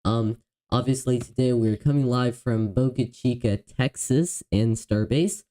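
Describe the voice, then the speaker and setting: A man hosting a live stream in casual chat, excitable and apologetic, often stumbling over his words and laughing. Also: mid-range voice, unhurried, rough recording. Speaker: livestream host.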